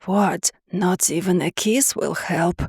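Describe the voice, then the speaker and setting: Lady doing a growly sea monster girl, low and slow, kinda inhuman, dry sound. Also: gravelly, a little mellow, breathy edge, no room sound, exaggerated voice. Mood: growling, pleading.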